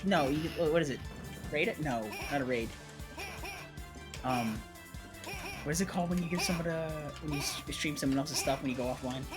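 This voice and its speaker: Guest voice, mid-range, hesitant casual chat, music playing clearly. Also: mid-range voice, brisk, long pauses. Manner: hesitant, searches for words.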